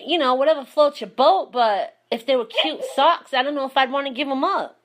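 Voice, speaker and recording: A woman's voice: sits high, brisk, fairly bright tone. A woman hosting a casual chat, telling stories animatedly and laughing often. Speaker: host.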